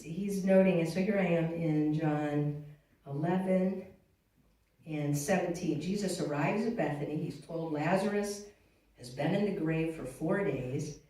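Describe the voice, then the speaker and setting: Low-voiced woman speaking in an echoey church. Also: lively intonation, dark tone. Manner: reflective, halting, many restarts and sighs. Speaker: guest speaker. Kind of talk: church talk on grief. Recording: echoey room from far off, faint noise.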